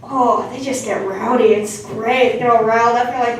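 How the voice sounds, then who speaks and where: Young woman comic, high voice, deadpan crude delivery, heard from far off in a very echoey hall. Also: moderate pace. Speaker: stand-up comedian. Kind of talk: stand-up set. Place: theatre stage. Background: audience laughter.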